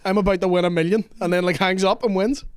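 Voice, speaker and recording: Male podcast co-host, light high voice, wry comic chat. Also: steady tone, fast, smooth, no echo, clean studio sound. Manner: wry, joking. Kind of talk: casual banter.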